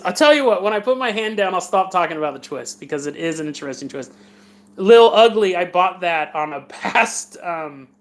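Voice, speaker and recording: Rambling man recapping a film. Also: high-pitched. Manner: rambling, jokey, acts out quotes in funny voices. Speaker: podcast host reviewing films. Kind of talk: casual movie recap for a live stream audience.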